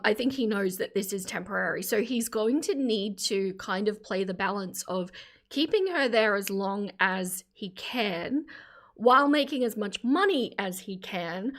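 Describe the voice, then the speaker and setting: Woman, casual livestream commentary, opinionated, even mid pitch. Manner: chatty, opinionated, thanks viewers warmly. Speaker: livestream reaction host.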